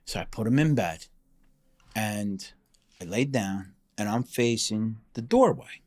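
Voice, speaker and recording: A man telling a story as a podcast guest, animated and profane, acting out the dialogue as he goes. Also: fairly low pitch, measured pace. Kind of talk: casual storytelling.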